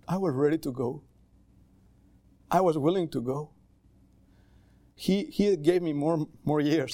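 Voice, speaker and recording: A male pastor preaching a sermon in a church in accented English with small grammar slips, conversational and animated. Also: a little high, dry recording. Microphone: livestream camera mic.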